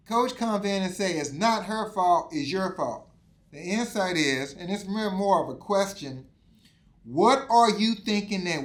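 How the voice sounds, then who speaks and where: A man's voice: sits high, fairly bright tone. A man giving a motivational teaching talk, preachy and emphatic with lots of repetition. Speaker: insurance exam coach.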